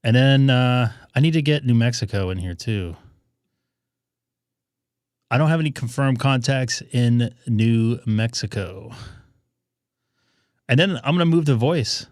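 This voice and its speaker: A man hosts a ham radio live stream, chatting casually and thinking aloud with plenty of fillers. His mid-range voice is expressive and a little slow, with long pauses, captured in clean studio sound with no room noise.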